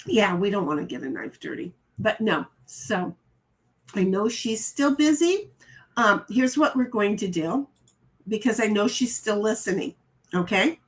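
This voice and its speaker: A woman's voice: medium pitch, very animated, measured pace. A middle-aged woman hosting a casual live stream, reading chat messages aloud and chatting about them with frequent stammered restarts.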